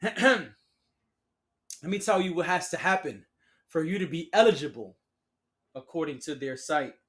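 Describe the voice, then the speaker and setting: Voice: medium pitch, expressive, measured pace, fairly bright tone. A podcast host talking alone in a casual, sarcastic way, using slang, calling listeners "y'all" and laughing at their own remarks. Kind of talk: solo casual podcast commentary.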